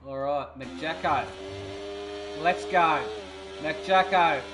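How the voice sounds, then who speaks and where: A man commentating a sim racing qualifying session, excitable and rambling with fillers. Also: a little high, drawn-out words, music in the background. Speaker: race commentator. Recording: noisy background of engine sounds. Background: racing car engine noise.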